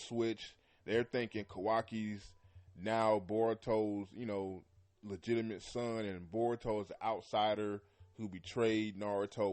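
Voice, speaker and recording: Low-voiced man rambling casually. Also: a little mellow. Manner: loose and rambling, heavy with "you know" and "man"; often clears his throat. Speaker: podcast host. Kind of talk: casual anime commentary.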